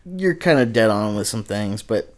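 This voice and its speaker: Low-voiced man, hesitant and measured. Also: lively intonation, crowd noise. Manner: hesitant, measured, restarts often. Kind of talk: casual chat.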